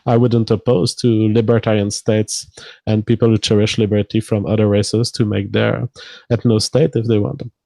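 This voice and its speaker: A man's voice: on the low side, little pitch movement, moderate pace, creaky, warm tone, no echo. A man with a French accent, co-hosting a casual livestream and reading viewer donation messages aloud, then commenting on them.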